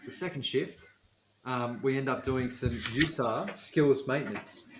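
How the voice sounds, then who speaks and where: A man's voice: mid-range voice, measured pace, noisy background. A man co-hosting a podcast, telling work stories in a plain, matter-of-fact way and cracking dad jokes. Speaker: podcast co-host. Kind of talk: casual chat. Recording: roomy echo.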